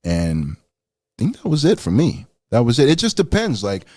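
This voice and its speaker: Laid-back swearing man with a lively voice. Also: moderate pace, dry recording, clean studio sound. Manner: laid-back, swears freely, squeals high when acting out his own surprise. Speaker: guest rapper. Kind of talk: casual radio chat.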